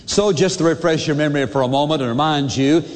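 Older preacher in a large hall. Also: male voice, on the high side, quick pace. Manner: emphatic preaching with rhetorical questions. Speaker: pastor. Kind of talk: sermon.

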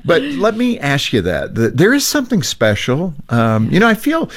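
A man's voice: a little high, moderate pace. A man hosting a radio talk show, speaking in a reflective, conversational way. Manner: reflective, conversational, lively delivery.

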